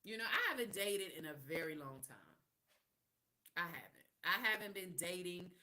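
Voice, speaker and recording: A woman's voice: on the low side, very animated, normal speed, pushed and bright. A woman hosting a live podcast, telling stories in a candid, sassy, slang-heavy way. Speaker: podcast host. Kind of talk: casual live podcast chat.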